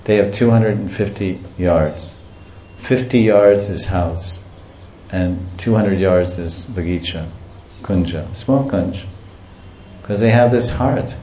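A man teaches on devotional themes in a slow, storytelling manner, lingering over lists and chuckling now and then. His voice sits on the low side. The recording is echoey and dull, with faint ambience behind it. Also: mellow, slight background noise. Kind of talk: devotional lecture and property tour.

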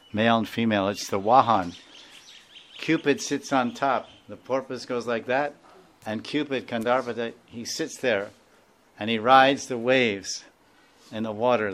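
A man's voice: medium pitch, a bit bright. A man giving a devotional lecture, digressive and prone to laughing, who acts out sounds as he goes. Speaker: spiritual teacher.

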